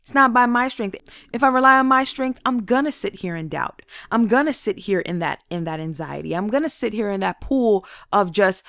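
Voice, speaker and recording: Energetic woman with a faith-based motivational monologue, voicing doubts in asides, recorded dry. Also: medium pitch, no echo. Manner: energetic, acts out inner voices in quick asides. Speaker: motivational speaker.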